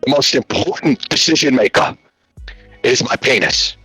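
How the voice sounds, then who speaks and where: A man from Australia, talking as a guest over a video call. He jokes around and tells loose, filler-heavy stories at an easy middle pitch. His voice is dry and close, with faint music in the background. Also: animated, normal speed, pushed and bright, breathy edge, no echo, poor audio. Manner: joking, loose storyteller with frequent fillers. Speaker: guest content creator. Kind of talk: casual interview chat. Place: home in Latvia.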